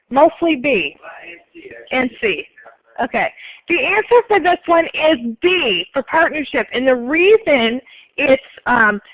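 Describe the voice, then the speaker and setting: A woman teaching an accounting class, briskly polling students and explaining answers. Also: high voice, no echo, dull audio. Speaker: accounting instructor. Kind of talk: classroom lecture.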